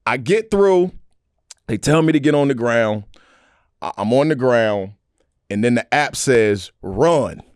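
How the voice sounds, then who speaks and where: A male comedian guest in a casual interview, telling energetic stories and often adding "you know what I'm saying.". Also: medium pitch, a little slow, long pauses, clean tone, no echo, clean studio sound.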